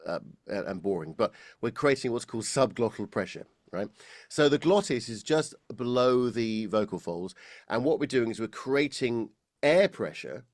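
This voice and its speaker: A British man, a voice coach, explaining technique in a relaxed interview, often laughing and restarting his sentences. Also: lowish voice, dry recording, clean studio sound. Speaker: voice coach guest.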